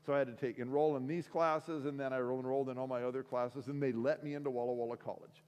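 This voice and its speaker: A middle-aged man from the Seattle area gives a sermon as a relaxed, self-mocking storyteller who uses many fillers. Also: medium pitch, fast talker, clean tone. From Seattle area, USA. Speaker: week of prayer speaker. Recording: long hall reverb.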